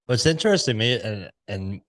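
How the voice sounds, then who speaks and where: A man's voice: fairly low pitch, animated, fairly quick, fairly bright tone. Rambling man hosting a podcast. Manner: rambling, thinking aloud while framing questions. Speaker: podcast host. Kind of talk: casual interview.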